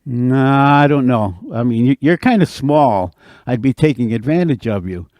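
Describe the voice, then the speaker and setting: A man's voice: mid-range voice, moderate pace, darkish tone, dry recording, natural voice. A man doing a big, blunt beaver. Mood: dismissive. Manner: blunt, dismissive. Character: big strong male beaver, blunt and stubborn.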